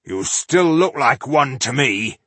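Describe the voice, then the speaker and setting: A man voicing a gruff, hot-tempered dwarf warrior. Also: mid-range voice, animated, sharp tone, dry recording, pitched above the performer's own voice, exaggerated voice. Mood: scornful. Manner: insulting, quick to curse.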